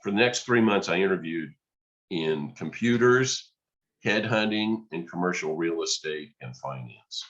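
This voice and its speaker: A man, a podcast guest, telling a lively story and acting out the dialogue. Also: deep voice, a little slow, lo-fi sound. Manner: animated storyteller, acts out quoted dialogue. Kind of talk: storytelling in conversation.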